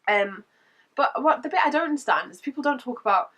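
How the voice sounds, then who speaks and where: A woman talks through a casual vlog update, her voice croaky from a cold. She is chatty and laughs between points. She sits a little back from the microphone, so her voice sounds slightly distant. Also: high voice, expressive, fairly quick, a bit bright. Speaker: vlogger.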